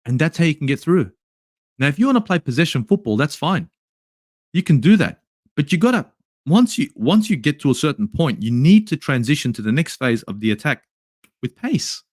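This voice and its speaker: Ranting Australian man, lively pitch. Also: a little fast, dry recording, studio quality. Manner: angry, swearing, exasperated ranting. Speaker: football channel host. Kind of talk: ranting match review. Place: home in Sydney at night.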